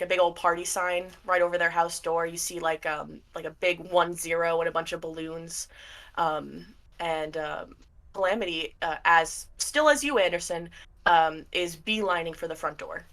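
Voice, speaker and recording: Bright-voiced woman running a tabletop game. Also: on the low side, moderate pace. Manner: casual, many fillers. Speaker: game master.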